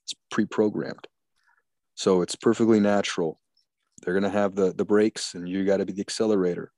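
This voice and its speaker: Deep-voiced man talking crudely. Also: fairly even intonation, a little fast, darkish tone, no echo. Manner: crude, rambling, profane. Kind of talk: casual chat.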